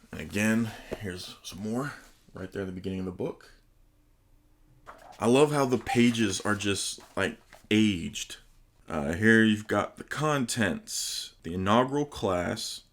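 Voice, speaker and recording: Host with a very low voice doing a casual unboxing review, chatty and enthusiastic. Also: male voice, fairly bright tone. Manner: enthusiastic, chatty, with hesitant pronunciations. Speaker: host reviewing tabletop game books.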